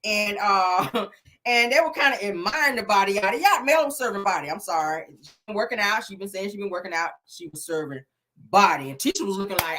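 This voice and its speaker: A woman's voice: mid-range voice, expressive, fairly quick, pushed and bright. A woman casually recapping a reality show, sassy and gossipy, sprinkling in "honey" and "child.".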